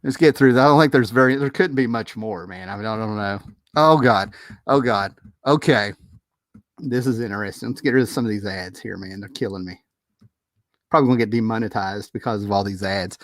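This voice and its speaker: A man hosting a casual movie commentary video, talking in an animated, exasperated, rambling way with frequent restarts and laughs. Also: lowish voice, fairly quick, no echo, studio quality.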